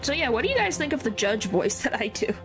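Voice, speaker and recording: Bubbly woman streamer, bright-ish voice, game music underneath, casual asides. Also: fairly high pitch, very animated, quick pace. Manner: giggly, chatty asides to viewers. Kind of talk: game playthrough with character voices.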